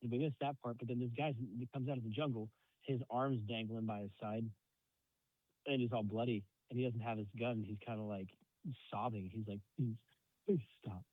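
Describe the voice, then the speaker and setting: A man's voice: mid-range voice, a little fast, no room sound. Man recapping a film over a tinny line. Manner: animated storytelling with acted-out quotes and frequent swearing. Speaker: podcast co-host. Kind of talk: casual movie recap chat. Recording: dry tinny phone-like sound.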